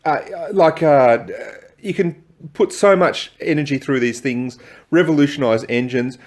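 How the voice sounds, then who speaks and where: A man on a movie review panel who talks excitedly with many stammered restarts. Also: on the high side, unhurried. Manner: excitable, stammering restarts, gestures while talking. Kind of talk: casual movie review chat.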